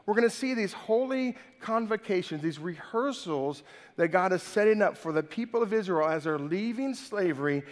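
A man's voice: high-pitched, expressive, moderate pace. A man preaching a sermon in a casual, chatty way, tacking "right?" onto his points. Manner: chatty, keeps adding "right?". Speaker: pastor. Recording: long hall reverb.

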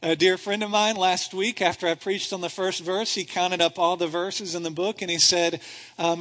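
A pastor with a high voice preaches a sermon at a moderate pace, his words echoing through the church sanctuary. He keeps it animated and conversational, posing rhetorical questions.

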